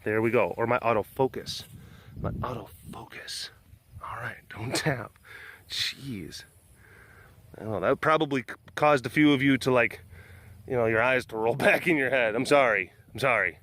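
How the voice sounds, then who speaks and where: A man's voice: mid-range voice, moderate pace, a bit bright, dry recording. A man vlogging outdoors in a casual, rambling way, joking with many fillers and restarts, filming on a phone. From Texas. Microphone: phone held in hand.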